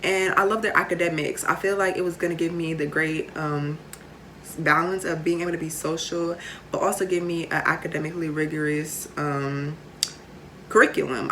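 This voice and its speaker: A woman's voice: low-pitched, a bit bright, a little hiss or hum. A young woman, chatting casually to camera with lots of fillers and playful asides. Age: late teens. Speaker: vlogger.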